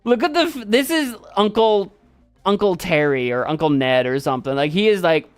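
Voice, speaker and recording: A man's voice: sits high, animated, normal speed, clear, resonant tone, faint music behind. A man chatting casually on a live stream, giving playful commentary.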